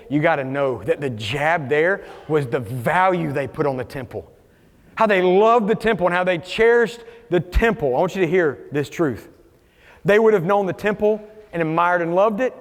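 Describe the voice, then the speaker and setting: A man preaching a sermon as pastor, animated, acting out quoted voices as he goes. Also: sits high, moderate pace, in a large hall. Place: church sanctuary.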